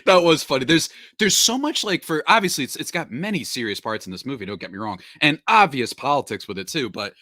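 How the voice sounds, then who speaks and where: Upbeat podcast host with a bright voice. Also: male voice, a little high, lively intonation, fairly quick, few pauses, no room sound, studio quality. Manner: laid-back, joking, filler-heavy. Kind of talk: casual podcast chat.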